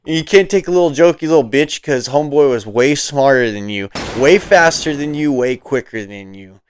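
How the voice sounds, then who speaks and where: A man's voice: mid-range voice, expressive, moderate pace, a little hiss or hum. A man hosting political commentary, ranting in a heated, profane, mocking way.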